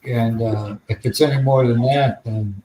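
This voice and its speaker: A man's voice: mid-range voice, fairly even intonation, unhurried, warm tone, a little hiss or hum, rough recording. Profane, rambling American man. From United States. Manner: rambling, profane, laid-back. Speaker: podcast host. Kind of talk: casual storytelling chat.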